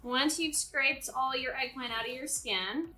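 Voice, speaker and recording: A woman's voice: high-pitched, measured pace, bright, forceful tone. A woman hosting a casual cooking demonstration in her home kitchen, chatty and explaining as she goes. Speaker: cooking show host.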